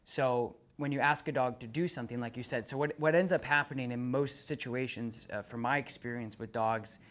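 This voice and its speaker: A man coaching a dog owner, talking earnestly at a medium pitch. He often backs up and restarts his sentences. He acts out little exchanges between owner and dog to make his point. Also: fairly quick, a bit bright. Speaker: dog trainer. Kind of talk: explaining to a client.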